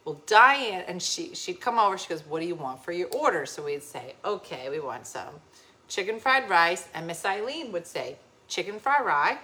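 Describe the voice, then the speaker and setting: A woman's voice: fairly low pitch, moderate pace. A woman from New Jersey, a little tipsy, telling a story in casual chat and acting out the voices of the people in it. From New Jersey, USA. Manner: animated, laughing storyteller acting out quoted voices.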